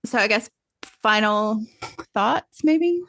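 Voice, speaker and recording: A woman hosting a podcast in a casual discussion. She sounds relaxed and tentative, with many fillers. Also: on the high side, slow, no echo. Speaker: podcast host.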